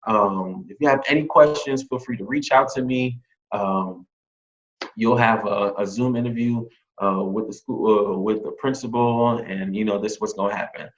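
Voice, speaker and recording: Animated man telling his hiring story. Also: lowish voice, moderate pace. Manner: animated, quotes others in lively re-enactments. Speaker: new teacher hire. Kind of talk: casual interview, storytelling. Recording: dull lo-fi sound.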